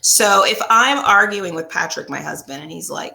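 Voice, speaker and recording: A woman therapist talks in a relaxed, explanatory way, her pitch swinging widely as she acts out little quotes. Her voice is bright and sharp, with a gravelly fry at the ends of phrases. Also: normal speed. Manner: animated, acts out quotes, often asks "right?". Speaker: couples therapist. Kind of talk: casual explanatory talk.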